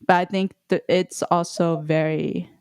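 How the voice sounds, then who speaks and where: A woman co-hosting a casual podcast, relaxed and friendly as she asks questions. Her voice is on the low side. It is recorded close and dry, with no room sound. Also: measured pace, clean tone, no room sound. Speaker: podcast co-host. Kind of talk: casual chat.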